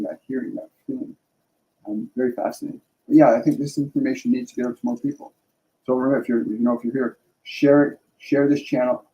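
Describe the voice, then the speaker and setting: A man's voice: medium pitch, mellow, poor audio. A middle-aged man hosting a live spiritual stream, speaking earnestly with restarts and tag questions. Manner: earnest, rambling, frequent restarts and "right?" tags. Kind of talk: casual spiritual talk.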